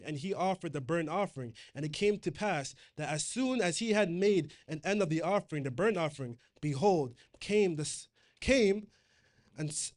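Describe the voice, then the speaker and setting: Slightly high-voiced male preacher. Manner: conversational, reads scripture aloud and retells it in slang. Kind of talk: sermon.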